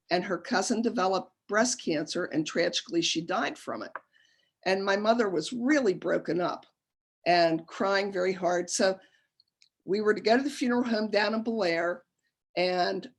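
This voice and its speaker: A woman's voice: medium pitch, slightly rough. A middle-aged woman giving a humorous lecture, chatty and self-deprecating, breaking into laughter as she tells personal stories.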